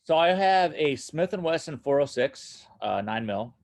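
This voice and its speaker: A man talking casually as a guest about running his recording studio, animated and laughing often, repeating himself as he goes. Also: fairly high pitch, a little slow. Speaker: guest, studio owner and drummer. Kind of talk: casual conversation.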